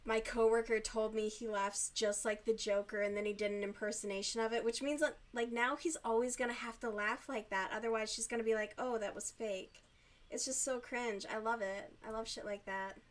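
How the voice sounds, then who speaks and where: A woman streamer chatting casually while she crochets, giggly, youthful-sounding and quick to swear. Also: on the high side, steady tone.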